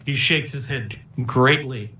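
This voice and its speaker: A man's voice: mid-range voice, takes it slowly, pushed and bright, reverberant. A young man narrating a tabletop game as game master, laid-back, with lots of fillers and little chuckles.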